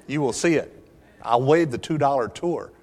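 A man's voice: medium pitch, normal speed, a little mellow. A middle-aged man preaching a sermon as pastor, telling stories with humor in a church. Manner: humorous storytelling. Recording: echoey hall reverb.

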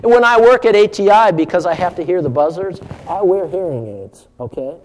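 A middle-aged man preaching a sermon as pastor, animated and emphatic, swinging between loud and hushed. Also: sits high, brisk. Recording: long hall reverb.

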